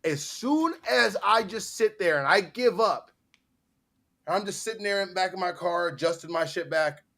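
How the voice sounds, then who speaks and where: A man's voice: high voice, animated, normal speed, creaky, pushed and bright. A man co-hosting a casual podcast, talking in a rambling, profane way. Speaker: podcast co-host. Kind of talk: casual chat.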